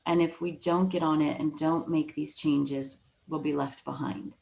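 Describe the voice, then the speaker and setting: A woman with a low voice and a gravelly edge gives a leadership presentation over a video call. She talks in a loose, conversational way, often pausing on fillers and restarting phrases. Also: fairly even intonation, darkish tone, low-quality recording. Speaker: webinar speaker on leadership. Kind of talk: presentation talk.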